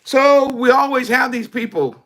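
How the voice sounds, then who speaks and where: A man preaching a conversational sermon, drops his voice low for emphasis. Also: moderate pace, a bit bright.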